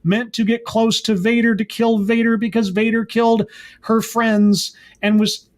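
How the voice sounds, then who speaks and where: A man's voice: sits high, flat delivery, a little slow. A man giving a sarcastic, exasperated episode recap as a show reviewer, rambling and mocking.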